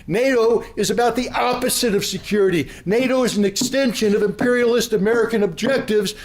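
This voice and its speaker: A man giving an impassioned, blunt political speech at a convention, sometimes rising to a yell. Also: high-pitched, fairly quick. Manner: blunt, combative, rising to yelling. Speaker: convention speaker. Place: convention hall.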